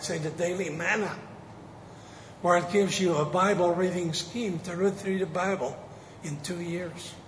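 A man preaching a sermon, slow and emphatic, drawing out the key words. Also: on the high side, a little hiss or hum. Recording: echoey hall with faint ambience.

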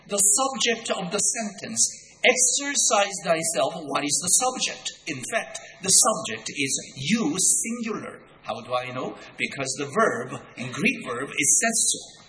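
Guy preaching, high bright voice, slow and emphatic, lots of echo from a big hall. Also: big pitch swings, a little hiss or hum. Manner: deliberate, emphatic, repeats key words. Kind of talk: sermon. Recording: echoey hall with long reverb.

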